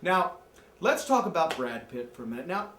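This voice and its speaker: Midwestern man ranting about movies for laughs, highish voice, roomy sound. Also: normal speed, slight background noise. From American Midwest. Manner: joking, excitable, jumps into mocking voices. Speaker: amateur movie critic. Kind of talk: comic movie review rant.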